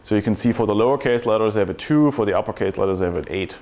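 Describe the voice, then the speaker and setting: A man's voice: on the low side, racing, a little mellow. A man giving a technical conference talk to a room, explaining step by step and asking rhetorical questions. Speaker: conference speaker.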